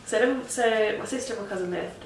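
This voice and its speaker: A young woman, casually retelling a story in an animated, slangy way full of swearing. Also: medium pitch, quick pace, gravelly, slight background noise. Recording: echoey room heard from a distance.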